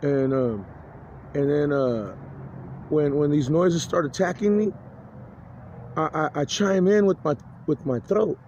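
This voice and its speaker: Agitated man, profane and halting, a little high-voiced, on a dull lo-fi recording with faint noise. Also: darkish tone. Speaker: vlogger. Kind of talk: rambling personal monologue.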